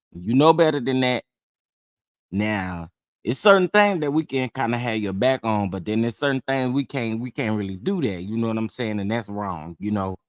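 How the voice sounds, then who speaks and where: Slightly sick, this man keeps a live chat going in a fairly low voice, chatty and drawling, greeting viewers by name. The recording is dry and close-miked, with no echo.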